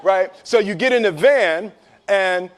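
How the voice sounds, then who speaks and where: A man as an interview guest, telling a personal story in an animated, joking way, acting out what people said and laughing often. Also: high voice, measured pace. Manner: lively and joking, acts out quotes, laughs often.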